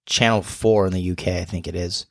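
A man co-hosting a podcast, chatting casually and rambling with many pauses and fillers. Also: deep voice, steady tone, gravelly, fairly bright tone, no room sound, clean studio sound. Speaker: podcast co-host. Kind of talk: casual chat.

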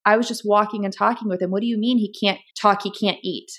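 A woman in a casual podcast chat, telling a personal story with lots of "like" and quick asides. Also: mid-range voice, steady tone, a bit bright.

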